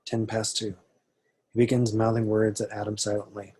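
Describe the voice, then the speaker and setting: A man narrating the stage directions for an amateur table read in a low, husky voice. He reads steadily and matter-of-factly, with very little rise and fall. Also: normal speed. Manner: steady, even, matter-of-fact reading.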